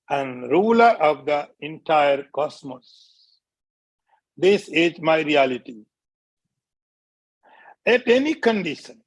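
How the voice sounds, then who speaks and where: A man teaching scripture as a swami, speaking deliberately, repeating key phrases and chanting short verses. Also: fairly high pitch, no room sound. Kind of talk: spiritual lecture.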